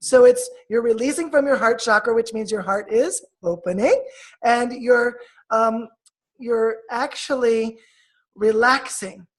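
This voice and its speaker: A woman healer guest who leads a guided meditation and explains energy work in a soft, measured, coaching tone. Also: on the high side.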